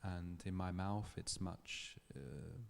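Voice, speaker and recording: A man giving a public lecture, telling a story in a thoughtful, measured way with small restarts. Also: deep voice, gravelly, a little hiss or hum. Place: lecture hall.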